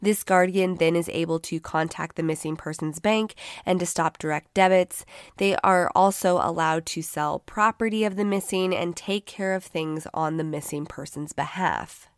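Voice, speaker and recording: A woman hosting a true crime podcast, with a groggy voice and a measured, sober delivery. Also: lowish voice, clear, resonant tone, dry recording, clean studio sound. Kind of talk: scripted narration.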